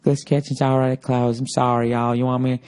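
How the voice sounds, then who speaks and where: A man's voice: medium pitch, flat delivery, fairly quick, darkish tone, smooth, lightly acted. A man voicing a fussy, overly polite hotel clerk lady with an exaggerated, drawling Southern accent. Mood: apologetic.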